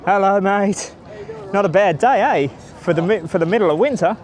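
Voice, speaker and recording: Male travel vlogger, casual and rambling, higher pitch, outdoors on the move. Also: a little slow, a little mellow. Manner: chatty and rambling, greets passers-by. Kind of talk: casual walking tour vlog. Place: outdoors by a city stadium, walking.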